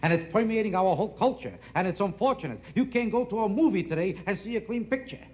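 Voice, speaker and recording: Kvetching comedian with Yiddish-inflected accent. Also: male voice, high voice, fast. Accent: New York Yiddish-inflected. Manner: deadpan, kvetching, heavy New York Yiddish-inflected delivery. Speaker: stand-up comedian. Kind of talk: stand-up comedy set. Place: television studio stage. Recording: loud audience laughter, noisy stage.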